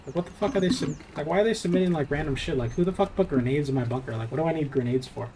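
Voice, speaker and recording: A man's voice: fairly high pitch, lively intonation, very fast, warm tone, a little hiss or hum. A young man from Southern California streaming a game, chatting casually in a loose, profane, rambling way. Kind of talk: casual live-stream chat while playing.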